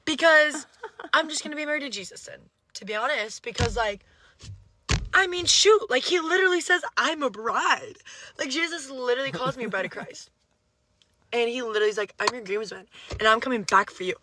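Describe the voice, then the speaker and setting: A woman in an online video clip, speaking emphatically and preachily, her words tumbling out. Her voice sits high, and the clip carries steady noise and clicks. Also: brisk.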